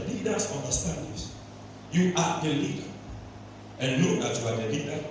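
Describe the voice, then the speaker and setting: A man from Leone, preaching a sermon and firing off rhetorical questions that climb into shouts. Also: a little high, lively intonation, normal speed, long pauses, slight background noise. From Sierra Leone. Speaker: pastor. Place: large church hall. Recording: echoey church hall, distant mic.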